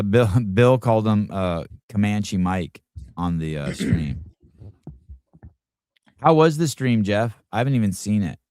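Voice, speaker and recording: A man's voice: fairly low pitch, clear, resonant tone, no room sound, clean studio sound. A man hosting a podcast in casual chat, speaking offhand and muttering to himself as he reads comments. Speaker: podcast host.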